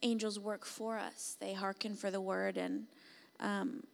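A woman preaching a sermon, rising to impassioned shouts and falling back to a soft, pleading altar call. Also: medium pitch, sing-song, a little slow, creaky.

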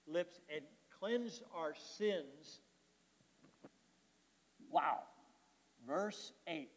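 High-voiced preacher in a reverberant hall. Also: male voice. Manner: reads scripture aloud, then explains it with rhetorical questions to the congregation; swings between loud emphatic lines and soft, quiet asides. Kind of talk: sermon.

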